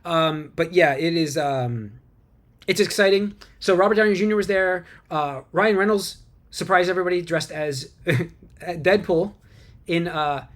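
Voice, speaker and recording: A man hosting a casual movie news podcast from home, rambling and tripping over names, quick to laugh. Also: sits high. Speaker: podcast host.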